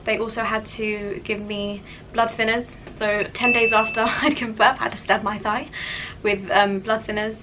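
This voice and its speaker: A woman's voice: medium pitch, flat delivery, normal speed, heavy background noise. A young woman telling a personal story in a candid, chatty vlog, with many "like" fillers. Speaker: vlogger.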